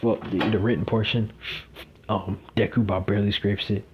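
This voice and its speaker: A man's voice: lowish voice, little pitch movement, a little fast, noisy background. A young man telling a fan-fiction story casually, rambling with lots of fillers, in a dull lo-fi recording.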